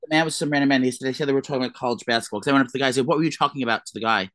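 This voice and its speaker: Fast-talking gossipy man, dry close mic. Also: mid-range voice, fairly bright tone, no echo. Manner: fast, gossipy, dramatic storytelling. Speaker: podcast co-host. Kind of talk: casual chat.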